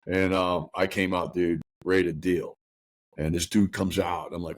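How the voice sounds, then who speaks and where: Deep-voiced man telling a raw story. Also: steady tone, dry recording. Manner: rough and profane, rushed retelling with restarts. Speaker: podcast host. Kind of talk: emotional personal storytelling.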